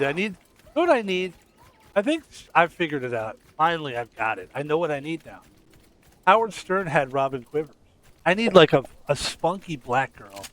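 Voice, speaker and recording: A man's voice: on the high side, very animated, normal speed, fairly bright tone. A man streaming a game, rambling in casual commentary with crude, joking asides.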